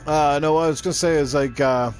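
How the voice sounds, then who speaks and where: A man's voice: a little high, fairly even intonation, quick pace, soft background music. A middle-aged man chatting casually while streaming a game, rambling and swearing freely. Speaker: gaming streamer. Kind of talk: casual chat while gaming.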